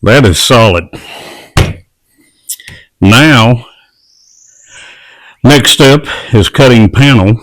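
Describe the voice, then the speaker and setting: A man's voice: medium pitch, very slow, long pauses, a bit bright. A man casually narrating step by step as he builds garden doors at a work table. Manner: plain, matter-of-fact step-by-step talk. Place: workshop or outdoor work table.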